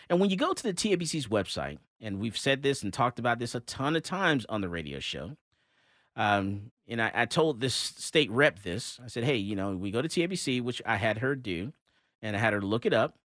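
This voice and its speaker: A man hosts a talk radio show, recorded dry and close in the studio. His pitch rises and falls a lot as he tells his story, full of fillers and restarts. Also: big pitch swings, moderate pace, fairly bright tone, no echo. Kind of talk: casual talk-radio monologue.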